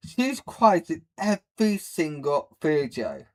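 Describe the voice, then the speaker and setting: A man's voice: a little high, lively intonation, unhurried. A man hosting a live stream, ranting bluntly and rambling in a mocking way as he reacts to videos. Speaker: livestream host.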